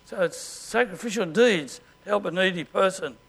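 An Australian man preaching a sermon as pastor, in a conversational way and often clearing his throat. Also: high-pitched, moderate pace, a bit bright.

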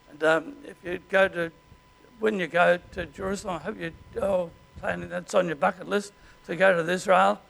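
An Australian man preaching a sermon as pastor, in a conversational way and often clearing his throat. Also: high voice, steady tone, normal speed, fairly bright tone.

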